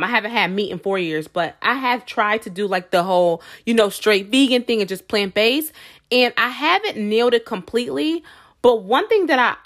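A woman's voice: a little high, a bit bright. Chatty woman podcast host, filler-heavy. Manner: chatty, many fillers like "like" and "you know"; addresses listeners as "y'all". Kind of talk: casual motivational podcast monologue.

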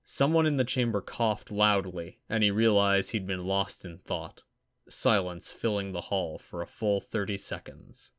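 A man with a lowish voice reading a story aloud at a steady, even pace. The sound is close and completely dry, with no room echo. It sounds like an audiobook narration. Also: a little slow, smooth.

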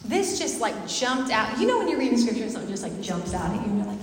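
A woman preaching a lively sermon to a congregation, talking conversationally and asking them questions. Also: a little high, fast, slight background noise. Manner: animated, conversational, asks the audience questions. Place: church hall with a live congregation. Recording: echoey hall, mic far off.

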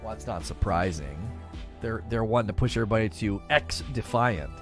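A man's voice: on the low side, animated, a little fast, soft background music. A man in casual gaming chat as a YouTuber host, laughing often and repeating phrases.

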